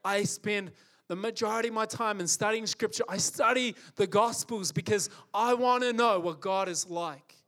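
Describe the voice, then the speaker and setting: Impassioned high-voiced male preacher. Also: normal speed, fairly bright tone. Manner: impassioned, repetitive and emphatic. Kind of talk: sermon.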